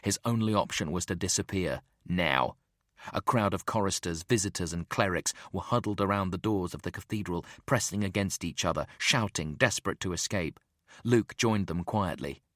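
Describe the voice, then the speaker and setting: Deep-voiced male audiobook narrator. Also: moderate pace, a bit bright, dry recording, studio quality. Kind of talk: scripted narration.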